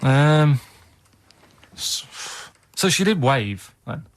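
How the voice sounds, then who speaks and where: Deadpan guy rambling a story on the radio, flat and unbothered, dry mic. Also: on the high side, drawn-out words, no echo. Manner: deadpan, meandering anecdotes. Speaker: radio show regular. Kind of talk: casual studio banter. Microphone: studio microphone.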